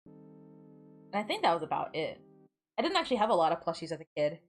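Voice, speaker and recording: A woman's voice: on the low side, big pitch swings, brisk, breathy edge, faint music behind. A woman from the United States chatting casually while gaming on stream, giggling often and rambling through lots of filler words.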